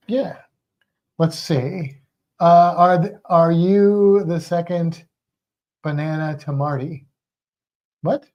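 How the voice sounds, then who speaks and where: A man co-hosting a livestream with a darker, mellow tone, rambling along in easy chat. He stops, restarts and laughs often. The audio is a bit dull and lo-fi. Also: on the high side. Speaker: livestream co-host. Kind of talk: casual chat.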